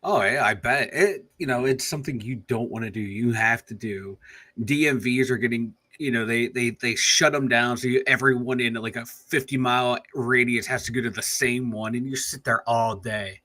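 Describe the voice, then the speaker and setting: A man with a Pittsburgh accent, co-hosting a casual sports podcast and firing back quick wisecracks. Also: mid-range voice, bright, forceful tone. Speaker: podcast co-host.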